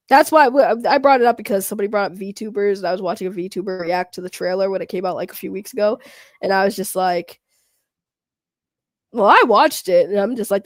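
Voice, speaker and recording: A woman hosting a casual podcast, ranting and teasing in an animated way. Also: mid-range voice, dry recording, clean studio sound. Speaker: podcast host. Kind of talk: casual rant chat.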